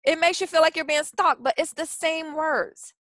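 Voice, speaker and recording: A woman's voice: high-pitched, fairly even intonation, normal speed, fairly bright tone, no room sound, low-quality recording. A woman presenting a branding workshop in a chatty, casual way, with frequent restarts and fillers. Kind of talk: casual webinar teaching.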